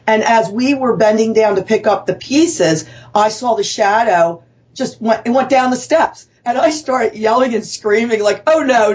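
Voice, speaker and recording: A woman's voice: mid-range voice, a little mellow. A woman author telling her story as a guest in an interview, rambling and earnest, with self-corrections and fillers. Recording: dull lo-fi sound.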